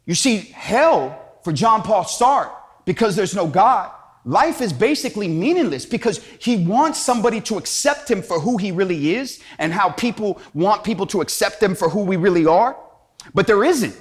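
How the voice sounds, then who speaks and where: A man's voice: high-pitched, animated, moderate pace. A man giving an inspirational talk in a casual, slangy storytelling way. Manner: slangy, storytelling, acts out quotes. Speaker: Catholic speaker.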